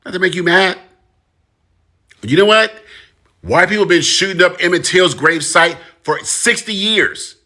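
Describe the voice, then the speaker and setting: A commentator with a fairly high, bright and forceful voice talks a little slowly, with lively intonation. His monologue is direct and impassioned, and he repeats phrases for emphasis.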